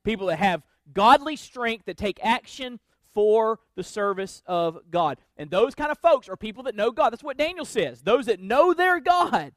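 A pastor with a notably high voice preaches a sermon, driving his points home through emphatic, repeated refrains. He is very animated at a moderate pace, his tone a bit bright, and the sound is dry and close with no echo or room around it.

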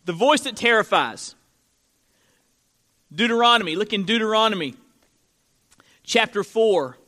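Bright-voiced pastor preaching a sermon. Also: male voice, high voice, lively intonation, a little slow. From Florida. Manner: conversational, joking asides to the congregation.

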